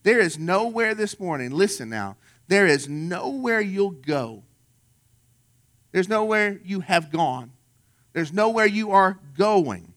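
Man preaching a conversational sermon. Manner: conversational storytelling preaching, drops low and soft for quoted lines. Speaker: pastor.

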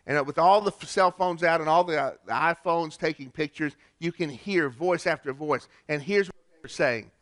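A man preaching a Christmas sermon, earnest, with pauses and restarts. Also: fairly high pitch, a bit bright, dry recording. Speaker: pastor.

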